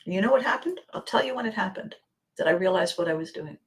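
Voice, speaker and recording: A woman hosting her own podcast, speaking a reflective motivational monologue with slow, deliberate phrasing and drops into near-whispers. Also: medium pitch, lively intonation. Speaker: podcast host.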